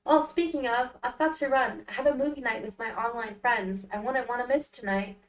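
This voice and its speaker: A woman's voice: fairly high pitch, brisk, reverberant, distant mic, soft background music, lightly acted, poor audio. A woman voicing a friendly young female coworker in a game, talking in a breezy way.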